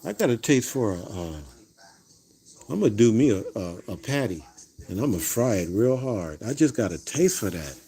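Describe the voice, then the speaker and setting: A man's voice: lowish voice, sing-song, moderate pace, warm tone, slightly rough. Rambling man telling stories on a livestream. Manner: rambling, repeats phrases, talks straight to viewers. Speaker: livestream host. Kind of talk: casual storytelling to a live chat.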